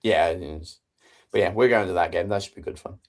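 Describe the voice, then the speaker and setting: A man's voice: low-pitched, brisk. A man, co-hosting a casual sports podcast with rambling, joking banter. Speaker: podcast co-host. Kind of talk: casual chat.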